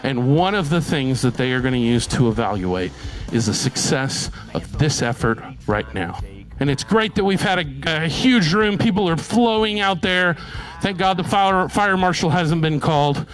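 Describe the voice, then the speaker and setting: Man, high voice, rousing rally speaker, faint music underneath. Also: lively intonation, moderate pace, low-quality recording. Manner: addresses the crowd directly, rising emphasis. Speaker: speaker at a political meeting.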